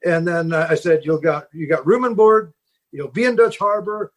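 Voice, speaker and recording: A man's voice: a little high, normal speed. A middle-aged man from Seattle, a fishing boat captain, telling stories in a rambling podcast interview, full of fillers and restarts. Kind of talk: casual storytelling in a podcast interview.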